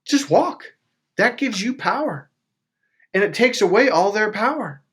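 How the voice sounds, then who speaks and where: A man hosting a self-help video, telling stories in a casual, animated way with frequent swearing. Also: high-pitched, unhurried. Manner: animated storytelling with swearing and acted-out quotes. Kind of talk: casual motivational talk.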